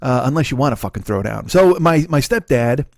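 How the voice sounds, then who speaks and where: A man's voice: mid-range voice, animated, a little fast, creaky, darkish tone, no echo, studio quality. A middle-aged man with a Chicago accent, hosting a comedy podcast in a rambling, profane storytelling monologue. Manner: profane, loose storytelling with frequent fillers.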